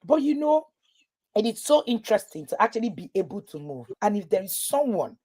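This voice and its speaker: A woman's voice: mid-range voice, fairly quick, husky. A woman, a parenting coach talking to parents in a live webinar, telling stories and acting out what people said. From Nigeria. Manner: lively storytelling, acting out quoted voices.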